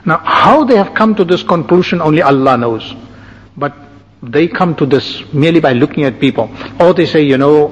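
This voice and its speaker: A man's voice: fairly high pitch, expressive, breathy edge. Man preaching in an echoing hall. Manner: measured, listing and explaining points. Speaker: religious teacher. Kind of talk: sermon. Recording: dull, echoing hall recording.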